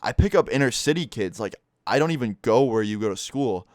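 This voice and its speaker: A man's voice: medium pitch, expressive, fairly quick, darkish tone, no echo, studio quality, lightly acted. A man voicing a flustered adult male bus driver who hesitates and stammers. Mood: hesitant.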